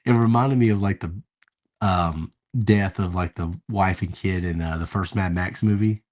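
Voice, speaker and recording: On a podcast, this male co-host reviews a film in a casual, meandering way with some offhand cursing. He speaks at a moderate pace in a low voice with a darkish tone.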